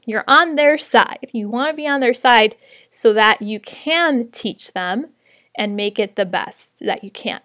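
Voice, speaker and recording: A woman's voice: on the high side, measured pace, a bit bright, dry recording, clean studio sound. A woman sharing practical tips on teaching online, in a friendly, conversational way with light laughs. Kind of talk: casual teaching tips to camera.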